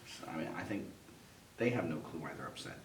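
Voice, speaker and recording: A man's voice: low voice, lively intonation, fast, far from the mic. A man talking as a podcast co-host and father, giving earnest advice in a casual way. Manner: earnest, advising, lots of "yeah" backchannels. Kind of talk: casual chat. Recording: roomy, off-mic, faint hiss.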